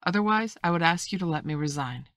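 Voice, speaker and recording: A woman's voice: fairly low pitch, lively intonation, quick pace, a bit bright, no room sound, studio quality. A woman reading a stern, blunt sea captain. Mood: firm. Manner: clipped, firm and formal. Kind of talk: audiobook reading.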